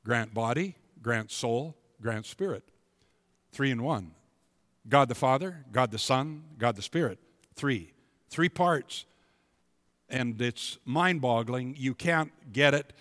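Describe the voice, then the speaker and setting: A man preaching a sermon in a church, emphatic and building to loud, declaiming passages. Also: mid-range voice, lively intonation, takes it slowly. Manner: emphatic, rising to loud proclamations. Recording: long hall reverb.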